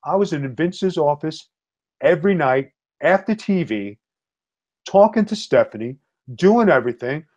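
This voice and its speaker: A middle-aged man telling wrestling-career stories in a blunt, tough-talking, animated way, as a podcast guest. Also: fairly high pitch, measured pace. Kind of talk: storytelling in casual chat. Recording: slightly dull lo-fi audio.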